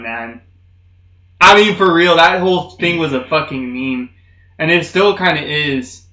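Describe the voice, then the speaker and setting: A young man streaming, telling rambling comedic stories in casual chat, swearing constantly and saying "dude" a lot. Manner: does loud high-pitched mocking voices in stories. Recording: roomy, slightly muffled stream audio.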